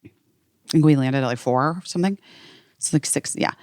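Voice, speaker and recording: A woman's voice: low voice, brisk, no echo. Woman podcast host rambling through a story, says like a lot, dry close mic. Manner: animated storytelling with many "like" fillers. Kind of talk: casual chat.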